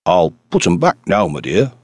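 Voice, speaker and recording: A man's voice: low-pitched, huge pitch swings, moderate pace, no echo, full character voice. Man playing a cheerful old financier. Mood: genial. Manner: genial, condescending.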